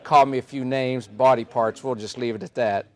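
A man's voice: mid-range voice, normal speed. A man speaking live on stage to an audience as a motivational speaker, telling stories with punchy repetition. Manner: animated storytelling with punchy repetition.

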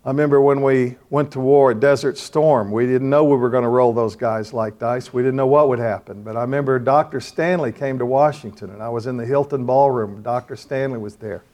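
An older preacher delivering a sermon and fervent prayer to a room of men. His mid-pitched voice swells into loud calls and then falls to hushed pleading. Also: fairly quick, hardly any pauses.

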